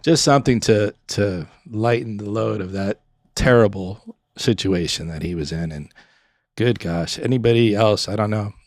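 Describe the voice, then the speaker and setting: A middle-aged man from Florida spins an animated story, jumping into his friends' voices and breaking into laughs. His voice has a gravelly edge, and the recording sounds dry and close, with no room sound. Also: lowish voice, normal speed, dry recording. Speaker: podcast guest, former pub owner. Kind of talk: casual storytelling.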